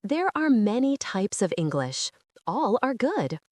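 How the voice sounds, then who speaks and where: Woman, English teacher, slow, clear and encouraging, lively melody, dry close sound. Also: fairly high pitch, no echo. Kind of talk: scripted lesson narration.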